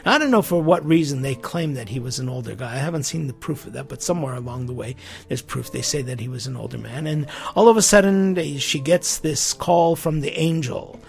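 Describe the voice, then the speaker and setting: A man preaching a sermon in a lively, conversational way, with asides and quick questions to his listeners. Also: medium pitch, vocal fry, faint music behind.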